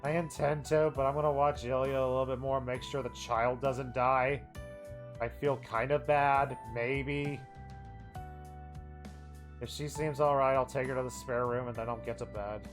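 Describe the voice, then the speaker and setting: A streamer reading a visual novel aloud as narrator, with expressive, exasperated asides. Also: medium pitch, normal speed, faint music behind.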